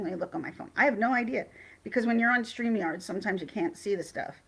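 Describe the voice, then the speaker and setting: An excitable woman hosts a casual livestream and chats loosely with viewers. Her voice sits in a middle register. She rambles and restarts her sentences often as she talks. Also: medium pitch, a little fast, creaky, slightly rough. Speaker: livestream host.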